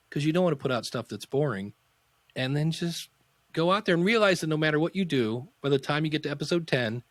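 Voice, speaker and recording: A podcast guest, a man with a slightly high voice, tells coaching stories in an easy, animated way. He acts out the people he quotes. His voice sounds dry and close to the mic. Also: no echo. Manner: lively, acts out quoted dialogue. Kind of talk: casual interview storytelling.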